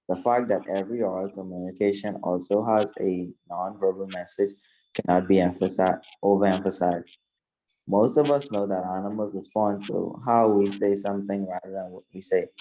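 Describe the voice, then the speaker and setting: A man's voice: lowish voice, dark tone, low-quality recording. A man, a class participant, reading a textbook passage aloud steadily and carefully.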